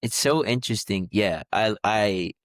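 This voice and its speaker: This podcast co-host has a fairly low voice with lively intonation and a measured pace, heard in a dry recording. He chats casually, wandering off track and filling gaps with fillers and false starts.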